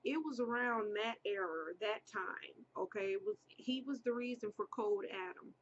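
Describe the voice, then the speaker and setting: A woman's voice: mid-range voice, moderate pace, lo-fi sound, slight background noise. A woman casually telling a personal story to viewers, chatty, repeating herself and speaking straight to her audience.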